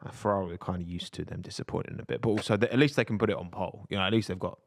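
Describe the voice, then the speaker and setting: A young man co-hosting a podcast, chatting casually in a relaxed, joking way. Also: deep voice, very fast, vocal fry. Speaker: podcast co-host. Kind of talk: casual chat.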